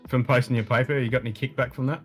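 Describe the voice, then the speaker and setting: A man's voice: mid-range voice, fairly even intonation, faint music behind. A man co-hosting a live-stream chat, trading crude jokes. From Australia. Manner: jokey, crude banter with quick laughs. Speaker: co-host.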